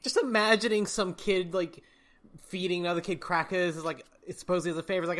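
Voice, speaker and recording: A young woman on a podcast making quick joking asides in casual chat. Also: fairly low pitch, steady tone. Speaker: podcast co-host. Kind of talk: casual book-club chat.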